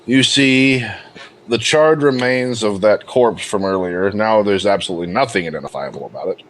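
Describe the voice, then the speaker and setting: Low-voiced man running a tabletop game. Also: moderate pace, a little hiss or hum. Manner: laughs often, teasing. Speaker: game master.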